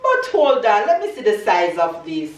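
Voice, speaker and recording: A woman in her thirties from Jamaica, filming her family vlog at home and exclaiming excitedly over a gift package. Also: medium pitch, normal speed, distant mic. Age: 30s. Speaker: vlogger mother. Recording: roomy sound, away from mic.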